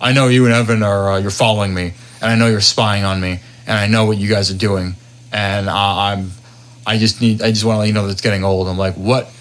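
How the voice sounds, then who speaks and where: A young man co-hosting a podcast, telling work stories in casual chat, profane and animated, acting out the people in them. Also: lowish voice, fast. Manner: profane, animated retelling with quoted voices. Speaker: podcast co-host.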